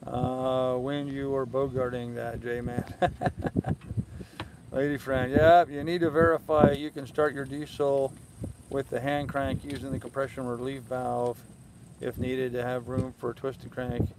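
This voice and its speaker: A man's voice: mid-range voice, heavy background noise. An older man hosting a live sailing stream from his moored boat, reading viewer comments aloud and answering them in an easygoing, rambling way with many fillers. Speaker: sailing vlog host. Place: aboard a moored sailboat in a harbor, outdoors at evening.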